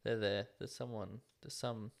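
Gravelly-voiced Australian man chatting. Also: lowish voice, fairly even intonation, unhurried. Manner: rambling, hesitant, many fillers. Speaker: podcast co-host. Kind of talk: casual chat.

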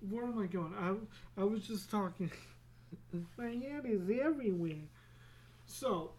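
Male solo podcaster, unhurried delivery, chatty and sidetracked, casual swearing. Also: sits high, darkish tone. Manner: rambling, easily sidetracked, laughs at himself. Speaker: podcast host.

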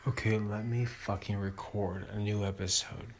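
A man ranting in a solo podcast, furious and profane, swinging between loud outbursts and hushed whispers, recorded in his room at night. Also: fairly low pitch, steady tone, moderate pace, a little hiss or hum. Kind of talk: angry solo podcast rant.

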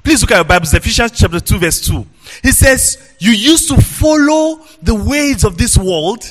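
A man preaching a sermon as pastor, in a sing-song, animated delivery, questioning his congregation and at times shouting for emphasis. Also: high-pitched, normal speed, faint music behind.

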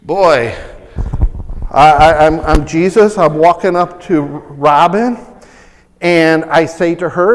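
A man's voice: a little high, slow, big-room sound. A man preaching a sermon, dramatic and full of rhetorical questions. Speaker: pastor.

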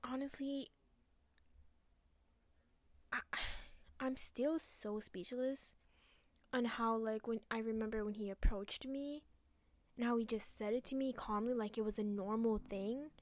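A woman's voice: a little high, fairly even intonation, moderate pace, long pauses, no echo. Profane, angry young woman ranting. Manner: angry, profane, dips into hushed asides. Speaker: podcast host. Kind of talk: casual solo podcast rant.

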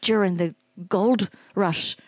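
A woman's voice: mid-range voice, takes it slowly, no echo, studio quality, voice pushed down. A woman improvising a crude, swearing Irish wife who bickers with her husband in a put-on Irish accent. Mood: brash bickering. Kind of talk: improv comedy role-play.

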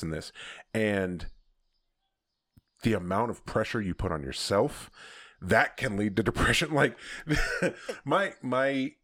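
Deep-voiced man with a lively, swinging delivery. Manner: candid storytelling with laughs. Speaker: podcast host. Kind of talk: casual conversation.

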